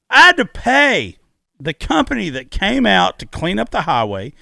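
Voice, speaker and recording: Emphatic, profane man with a gravelly voice. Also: sits high, wildly swooping pitch, normal speed, pushed and bright, no room sound, clean studio sound. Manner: emphatic, profane storyteller who repeats key words. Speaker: podcast co-host. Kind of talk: casual podcast chat. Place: podcast studio.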